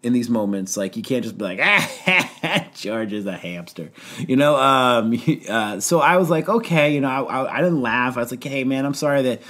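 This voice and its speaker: A man's voice: medium pitch, a little fast, hardly any pauses, a bit bright. A man co-hosting a podcast as a youth pastor, telling a funny story in casual chat, laughing often and acting out the quoted lines.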